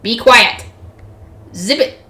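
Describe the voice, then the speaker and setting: A woman's voice: on the high side, slow pace, sharp tone. A woman reading a novel aloud, breaking off for joking, swearing asides. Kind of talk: casual read-aloud with commentary. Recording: echoey room.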